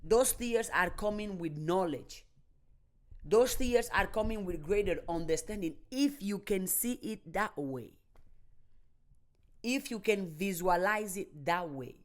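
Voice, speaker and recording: A woman delivering a motivational monologue, slow and deliberate, repeating and building her phrases with emphasis. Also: mid-range voice, lively intonation. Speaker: motivational speaker.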